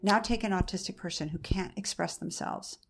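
A woman's voice: medium pitch, a little fast, creaky, slightly rough. A woman in her forties, a mother being interviewed, telling her story in an earnest, conversational way, often restarting and repeating phrases.

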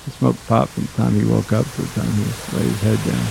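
A man's voice: on the low side, fairly even intonation, a little fast, gravelly, heavy background noise. A man, a guitarist, telling rambling stories from the road in a loose, conversational way. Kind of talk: anecdotal storytelling.

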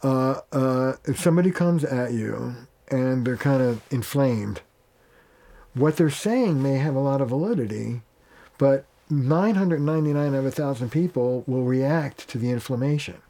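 A man's voice: mid-range voice, moderate pace, mellow. A man who works as a family therapist, speaking as a guest in a conversational interview, plain-spoken and acting out bits of dialogue as he explains. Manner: plain-spoken, acts out dialogue in quoted voices.

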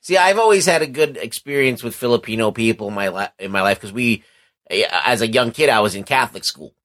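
Relaxed man trailing off quietly. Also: medium pitch, fairly quick. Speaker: podcast co-host. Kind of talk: casual podcast chat.

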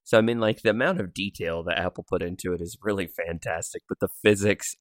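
A man with a low, deep voice chats loosely as a podcast co-host, laughing often between rambling asides. The mic sits close and the sound is dry, with no room around it. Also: fast talker, no echo. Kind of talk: casual podcast chat. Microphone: pop filter mic.

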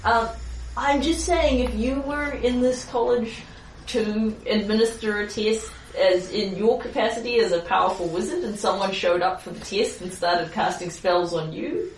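A woman's voice: medium pitch, normal speed, echoey room, distant mic, a little hiss or hum, poor audio. A woman playing a tabletop game, patiently laying out her reasoning to another player. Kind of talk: casual tabletop play.

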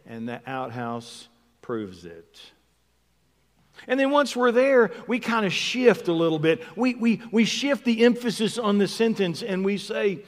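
A man delivers a sermon in an unhurried, thoughtful manner, stressing words by repeating them. His voice sits a little above the usual male pitch. A long reverb trails his words, as from a large hall. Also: very animated. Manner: reflective, conversational, repeats words for emphasis. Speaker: preacher.

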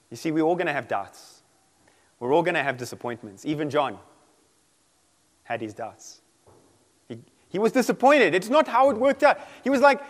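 A male preacher delivers a sermon, animated and quick to act out the voices he quotes. His voice sits fairly high, and it rings out with the long reverb of a large hall. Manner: animated, acts out quoted voices, laughs often.

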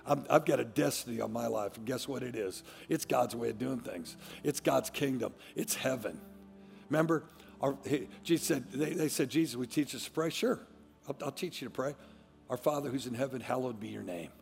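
A man preaching a sermon as pastor, swinging from quiet, low asides to loud, emphatic declarations. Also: moderate pace, vocal fry, long reverb tail, soft background music. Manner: fervent, emphatic preaching with repeated restarts.

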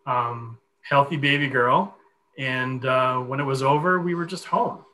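A man in his forties telling a long personal story in a podcast conversation, animated and full of fillers. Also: medium pitch, a little slow, a little hiss or hum, rough recording. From Connecticut. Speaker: guest.

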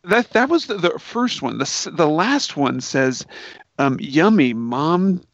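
A man's voice: a little high, sing-song, measured pace, creaky, fairly bright tone, dry recording. A man talking about a movie in a loose, giggly way, his voice sitting slightly above the usual male range. He retells scenes with little put-on voices. The recording is dull and dry, with no room sound. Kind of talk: casual film chat.

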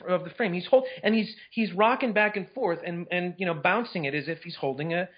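A man co-hosting a casual movie chat, talking in excited, incredulous bursts with many restarts. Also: high-pitched, a little fast, breathy edge, lo-fi sound. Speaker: podcast co-host.

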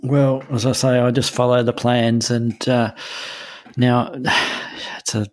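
A man's voice: medium pitch, little pitch movement, slow pace, no room sound, clean studio sound. A middle-aged man co-hosting a casual chat, hesitant, full of ums and restarts. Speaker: podcast co-host.

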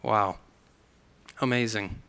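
Guy preaching in church, bright clear voice, earnest, acts out the quotes. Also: fairly low pitch, fairly even intonation, slow. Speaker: pastor. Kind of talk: sermon. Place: church hall.

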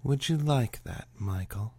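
A man reading the part of a sultry, teasing female medical examiner in a story, slow and suggestive. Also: mid-range voice, expressive, vocal fry, mellow, slightly rough, exaggerated voice. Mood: seductive. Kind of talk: audiobook reading of a serial story.

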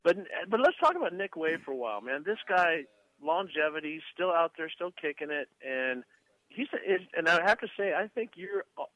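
A man's voice: fairly high pitch, very animated, normal speed, bright, forceful tone, no room sound, rough recording. A man in a casual chat, bantering with enthusiastic ribbing.

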